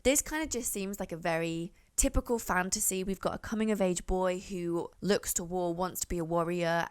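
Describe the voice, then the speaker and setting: A young woman chatting casually to camera as a book reviewer, rambling and often correcting herself. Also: on the low side.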